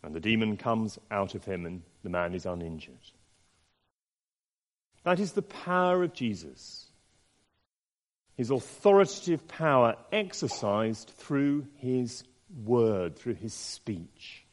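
A man preaching a sermon in an expressive way, asking the listeners many rhetorical questions. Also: fairly low pitch, slow. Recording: long reverb in a large hall.

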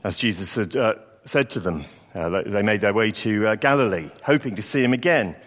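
A man's voice: fairly low pitch, animated, fairly quick. A man giving a sermon, telling a story in a reflective way and acting out quoted lines. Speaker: preacher. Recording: long hall reverb.

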